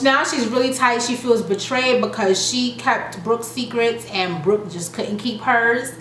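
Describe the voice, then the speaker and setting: A young woman chats through a reality show recap, jumping into each quote with a lively, fairly high voice. She laughs easily as she goes. The sound is echoey, with a faint hiss behind her. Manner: chatty, animated, acts out quotes with laughter. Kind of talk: casual recap vlog. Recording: echoey room with faint noise.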